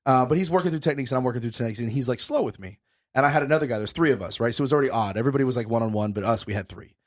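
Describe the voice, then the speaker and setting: This young man hosts a podcast and is still catching his breath as he launches into a lively, profanity-heavy story over casual chat. He speaks very fast at a medium pitch.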